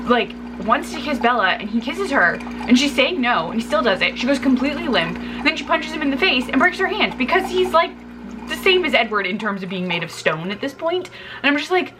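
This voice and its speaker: A woman's voice: fairly low pitch, noisy background. A tired woman chatting casually to her vlog camera at home while making coffee, rambling with fillers and getting heated as she rants. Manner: chatty, rambling, heated when ranting about the plot. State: tired in the early morning. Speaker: book vlogger.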